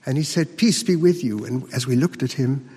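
Speaking as a disciple in a first-person monologue, a man recounts the crucifixion earnestly, with emphatic dramatic pauses and light acting. His mid-range voice is dark and slightly rough, and the sound carries like a big room.

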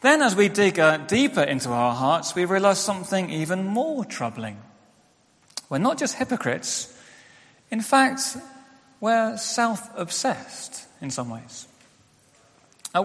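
Young male pastor, sermon, frank chatty delivery, lively pitch, slightly high voice, long church reverb. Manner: candid, conversational preaching with self-deprecating asides.

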